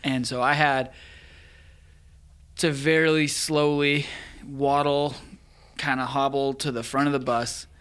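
A young man telling a funny, embarrassing story in a relaxed, chatty way. His voice sits in the middle range and he laughs through the telling. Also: mid-range voice, slow pace, pauses often, clear, resonant tone. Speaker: guest storyteller. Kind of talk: casual storytelling.

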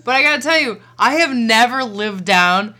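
Blunt young woman with a bright voice. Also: fairly high pitch, lively intonation, normal speed. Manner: blunt, profane reactions. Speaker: podcast co-host. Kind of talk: casual chat.

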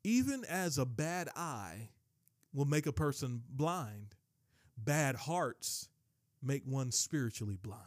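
A man's voice: medium pitch, very animated, slow pace, no room sound, studio quality. A man preaching a sermon with emphatic delivery, often repeating and restarting his phrases. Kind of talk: sermon teaching.

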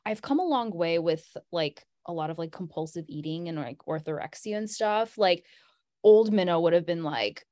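A woman's voice: lowish voice, moderate pace, dark tone, dry recording, studio quality. A young adult woman, a podcast guest, telling a personal story in casual chat, saying "like" often and laughing as she goes.

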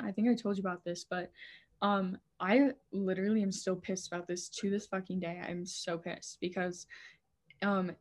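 A young woman co-hosting a casual chat, telling animated stories and swearing a lot. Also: mid-range voice. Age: young adult.

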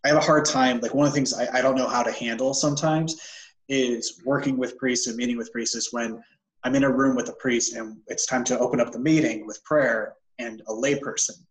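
A man's voice: mid-range voice, steady tone, brisk. Hesitant man in an echoey room. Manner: hesitant, searching for words with many "like" fillers. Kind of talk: casual conversation.

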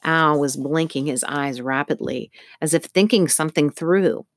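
This scripted narration comes from a woman audiobook narrator reading a novel steadily and deliberately in a low-sitting voice. The close recording is entirely dry, without any room sound.

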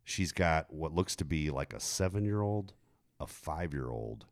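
A middle-aged man, telling a story in casual chat, jumping high in pitch when he quotes a woman. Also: animated, unhurried. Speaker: podcast co-host telling a story.

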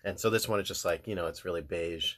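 A man's voice: sits low, quick pace, noisy background. A young man co-hosting a podcast, chatting casually with dry, wry teasing. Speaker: podcast co-host. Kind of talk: casual couple chat.

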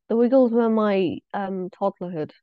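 A woman's voice: mid-range voice, unhurried, dry recording. Teen girl guest, playful and giggly, dry, slightly muffled audio. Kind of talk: casual chat.

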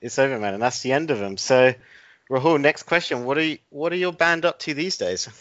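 Deadpan man spinning silly tales. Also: medium pitch, a little fast, no echo, lo-fi sound. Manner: deadpan absurd storytelling. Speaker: podcast host. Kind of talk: casual comedic chat.

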